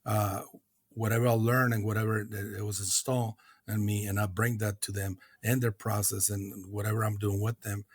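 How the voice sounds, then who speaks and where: A middle-aged man from Mexico, a guest in a recovery podcast conversation, speaking earnestly and reflectively with many hesitant pauses and restarts. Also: lowish voice, flat delivery, slightly rough, no echo.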